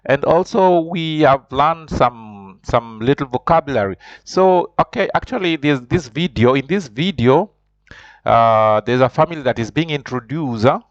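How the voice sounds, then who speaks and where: A man teaching a beginner French lesson informally, hesitant with many fillers and repeated words, slowing down to repeat French words for practice. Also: medium pitch, expressive, no echo. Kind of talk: informal language lesson, explaining and pronouncing. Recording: dull, lo-fi home recording.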